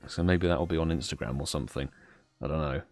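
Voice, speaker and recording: This livestream host, a young British man, chats casually and says hello to viewers by name, his British English accent clear. His very deep voice moves fast, and the dry recording has soft music playing behind it.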